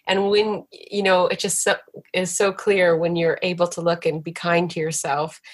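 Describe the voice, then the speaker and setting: A woman with a low voice hosts a podcast interview. She reflects thoughtfully and earnestly before she poses her question. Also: flat delivery, normal speed. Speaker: podcast host.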